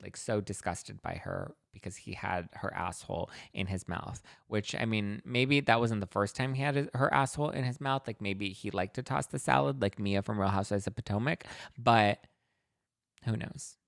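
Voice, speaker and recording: A man's voice: on the low side, creaky, a bit bright, dry recording, studio quality. A man hosting a gossipy book recap, talking in a catty, sarcastic, chatty way. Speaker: host.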